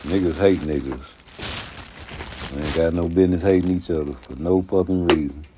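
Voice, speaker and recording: With a faint hiss or hum behind him, a low-voiced man delivers a profane, streetwise rant on his own channel. He's a YouTube commentary host given to animated storytelling.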